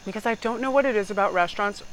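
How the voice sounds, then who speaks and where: On a low-quality recording with a little hiss or hum, a woman of medium pitch reads tarot cards in rapid-fire speech. She's rambling and blunt, swears freely, laughs a lot, and drops into mock voices.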